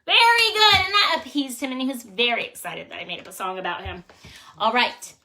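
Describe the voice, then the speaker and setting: A woman librarian hosting a children's storytime, playful and animated as she leads songs and reads aloud. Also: a little high, slight background noise. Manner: playful, animated, sing-song voices for kids.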